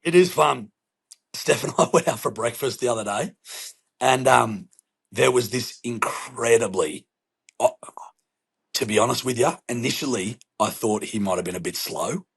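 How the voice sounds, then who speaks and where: A young Australian man chatting on a podcast, his voice gravelly and a little husky. He tells stories playfully, swearing freely and bouncing through his words. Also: mid-range voice, normal speed. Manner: playful, alliterative, swears often, acts out voices. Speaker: podcast co-host. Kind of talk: casual chat, storytelling.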